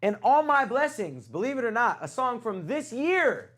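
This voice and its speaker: A man's voice: very high-pitched, very animated, moderate pace, a bit bright. A man hosting a casual music review livestream, teasing his chat in playful banter.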